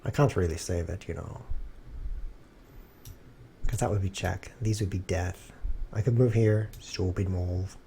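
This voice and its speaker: A man streaming himself playing chess, thinking aloud and cracking dry, deadpan jokes in low muttered asides. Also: measured pace, vocal fry, pauses often, slight background noise.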